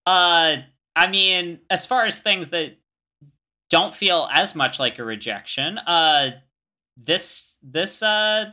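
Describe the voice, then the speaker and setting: A young man co-hosting a podcast in casual chat, his voice very bright and sitting a touch high. He talks haltingly, with many fillers and restarts. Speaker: podcast co-host.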